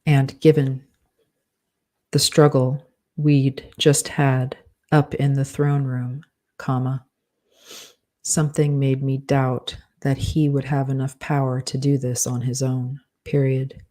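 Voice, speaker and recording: A man's voice: mid-range voice, little pitch movement, takes it slowly, dark tone. A man dictating a novel aloud, speaking each comma and period as he goes. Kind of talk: dictation with punctuation spoken aloud.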